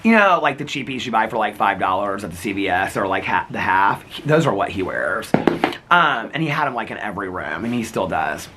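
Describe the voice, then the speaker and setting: A man's voice: fairly low pitch, sing-song, fairly quick, very noisy. A middle-aged man vlogging in a rambling casual chat, laughing often as he talks.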